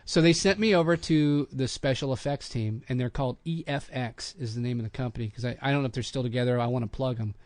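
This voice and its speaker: A middle-aged man, a voice actor hosting a podcast, telling a long show-business story in a casual, animated way and acting out the quotes. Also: mid-range voice, fast talker, few pauses, no echo.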